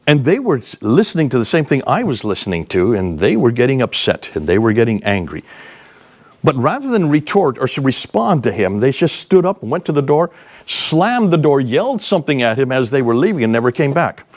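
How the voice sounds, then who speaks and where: An older man lectures at a seminar in a storyteller's way. His voice sits mid-range but swings widely, leaping up for emphasis and dropping low for asides as he recounts events to the room. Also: fairly quick. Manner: lively, emphatic anecdotes with acted-out dialogue. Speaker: seminar speaker.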